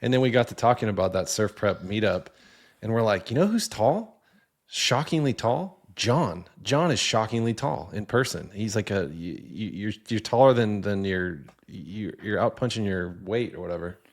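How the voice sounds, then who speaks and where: A man's voice: fairly low pitch, normal speed. A man co-hosting a podcast in casual chat, telling stories in a playful way. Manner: storytelling, playful. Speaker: podcast co-host.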